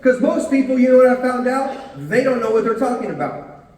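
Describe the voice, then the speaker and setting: A man giving an energetic, punchy motivational talk to a live audience and drawing answers from the crowd. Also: extremely high pitch, fairly quick. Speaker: motivational speaker. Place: large hall with a live audience. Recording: echoey hall, voice far from the mic.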